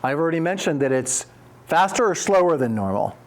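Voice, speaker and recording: Male corporate trainer, slightly high voice, conversational workshop delivery with frequent check-ins. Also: very animated, a little fast. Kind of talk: live training workshop talk.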